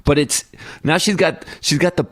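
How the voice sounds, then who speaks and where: A man's voice: a little high, normal speed, fairly bright tone, dry recording, clean studio sound. A middle-aged man co-hosting a podcast, telling a family story in casual chat and acting out his kids' voices. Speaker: podcast co-host.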